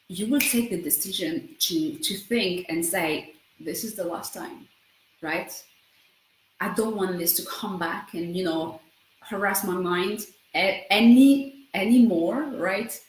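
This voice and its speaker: A woman in her thirties talking fast in a personal self-help vlog, often breaking off mid-sentence and adding "right?". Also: medium pitch, roomy sound, a little hiss or hum, low-quality recording. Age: 30s. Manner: fast, self-interrupting, keeps asking "right?". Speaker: vlogger.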